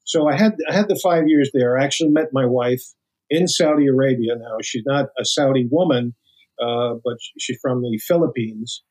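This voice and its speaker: This interview guest is an older American ex-FBI agent whose medium-pitched, husky voice moves at normal speed over rough audio. His anecdotes are animated, full of acted-out quotes and frequent restarts.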